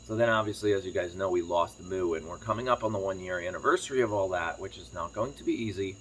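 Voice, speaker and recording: A man chatting casually to camera as a farm vlogger, telling a rambling story quickly while sitting on his kitchen floor. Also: low-pitched, a bit bright, slight background noise. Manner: rambling, fast-talking storyteller.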